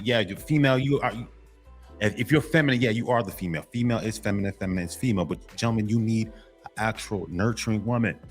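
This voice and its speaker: Man lecturing low and preachy. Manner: repetitive, lecturing, keeps addressing "gentlemen"; blunt and exhortative, half-censored swearing. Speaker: men's motivational vlogger. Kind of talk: preachy motivational monologue.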